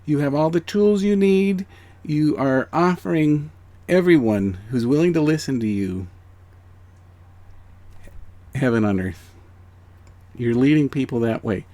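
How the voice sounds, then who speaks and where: A man's voice: on the high side, unhurried, long pauses, no room sound. A man giving a heartfelt spiritual reading to viewers, earnest and encouraging, who often checks in with "okay?". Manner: earnest, encouraging, drops to hushed near-whispers then rises to excited emphasis; repeats phrases and checks in with "okay?". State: emotional. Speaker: angel card reader.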